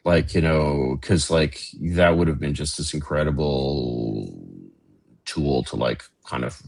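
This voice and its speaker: Low-voiced sardonic man rambling. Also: steady tone, takes it slowly, gravelly, a little mellow. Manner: rambling, sardonic, many fillers. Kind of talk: casual political conversation.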